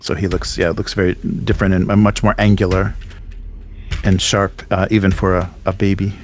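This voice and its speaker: Halting low-voiced male game master. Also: level tone, a little hiss or hum. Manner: halting, many fillers and restarts. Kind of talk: narrating a tabletop game.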